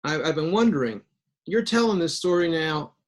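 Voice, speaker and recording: A man's voice: a little high, expressive, moderate pace. A man hosting an interview, asking pointed, probing questions in casual conversation. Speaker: host.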